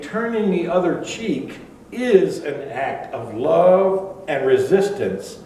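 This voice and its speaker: A man's voice: mid-range voice, warm tone, slight background noise. An older man preaching a sermon in a conversational storytelling way, with asides and fillers. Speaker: pastor. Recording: echoey room, far from mic.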